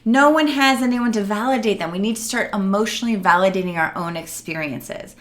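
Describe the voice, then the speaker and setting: Middle-aged female coach, earnest and animated, bright tone, casual address to camera. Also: mid-range voice, brisk. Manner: earnest, animated, acts out quotes. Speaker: emotional wellness coach.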